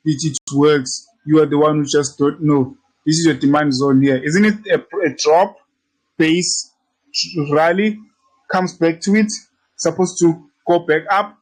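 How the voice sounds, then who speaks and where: Brash high-voiced male trading instructor. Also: fairly even intonation, measured pace, rough recording. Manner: brash, teasing, repetitive, swears freely. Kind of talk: casual screen-share tutorial.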